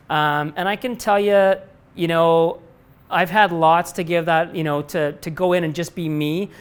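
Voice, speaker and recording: Fielding student questions at a live lecture-room event, this middle-aged company president talks openly and loosely, often restarting and swearing offhandedly. He speaks a little slowly, his fairly high voice steady and clean in tone.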